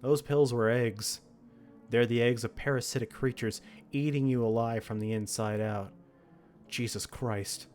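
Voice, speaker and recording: A man's voice: mid-range voice, fairly even intonation, measured pace, a little mellow, faint music behind. A man reading a text horror game aloud, with dramatic narration broken by laughs and reactions. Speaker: game streamer.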